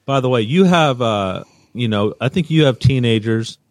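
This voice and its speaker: A man's voice: medium pitch, animated, normal speed, darkish tone, no room sound, clean studio sound. A man in his fifties co-hosting a podcast in casual chat, rambling and hunting for words with plenty of fillers. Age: 50s. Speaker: podcast co-host.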